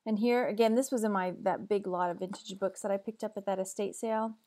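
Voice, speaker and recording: A woman from Texas talks through her recent online sales in a casual, chatty vlog. She is matter-of-fact as she lists prices and profits. Her voice has a middling pitch. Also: fairly even intonation, fast, mellow. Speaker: online reseller.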